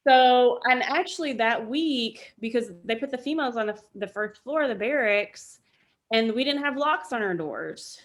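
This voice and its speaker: Woman, military veteran, podcast guest, slightly high voice, animated, casual storytelling, swears freely. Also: normal speed.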